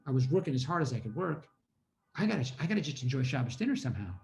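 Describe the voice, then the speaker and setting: A man's voice: mid-range voice, sing-song, racing, gravelly, a little mellow, a little hiss or hum. A man giving an inspirational storytelling talk over a video call at a community holiday event, acting out his own past thoughts.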